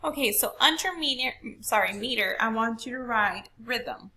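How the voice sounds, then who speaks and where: A woman's voice: on the high side, lively intonation, normal speed, bright, forceful tone, a little hiss or hum. A woman teacher walking a class through a poetry question, patient and step by step, asking rhetorical questions. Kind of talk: recorded classroom lesson.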